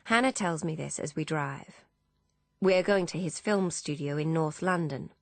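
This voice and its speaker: A woman narrating a novel in the first person, measured and even. Her voice sits low and is recorded close, with a dry studio sound and no room around it. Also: dry recording. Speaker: audiobook narrator.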